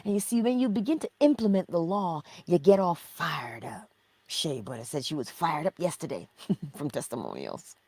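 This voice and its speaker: A woman's voice: sits low, big pitch swings, normal speed, a little mellow, husky, dry recording. A middle-aged woman hosting a spiritual teaching livestream, reading viewer chat, affectionate, laughing often and slipping into whispers.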